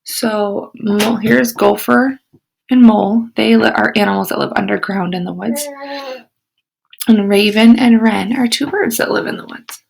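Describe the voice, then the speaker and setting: A woman teacher reading a picture book aloud to children, expressive, with whispered asides. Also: medium pitch, normal speed, vocal fry, slight background noise, rough recording.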